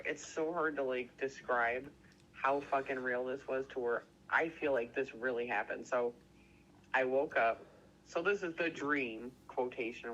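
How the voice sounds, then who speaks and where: A man telling a story in casual chat, excitable and rambling, swearing constantly and stuffing every sentence with "like". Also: mid-range voice, highs cut off. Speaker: podcast co-host.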